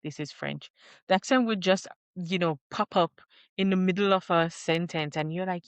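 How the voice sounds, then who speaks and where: A young woman vlogging in casual chat, rambling with lots of fillers and restarts, recorded close in a quiet room. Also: on the low side, unhurried, smooth, dry recording. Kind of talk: casual talking-head chat.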